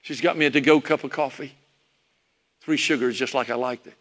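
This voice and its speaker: A man's voice: mid-range voice, fairly even intonation, fairly quick, a bit bright. A preacher telling a sermon story, reminiscing about his parents. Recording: long hall reverb.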